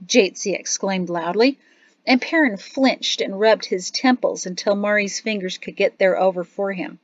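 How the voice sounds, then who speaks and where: A woman narrates an audiobook at medium pitch, reading scripted text in an even, measured storytelling style. The studio audio is dry and slightly dull.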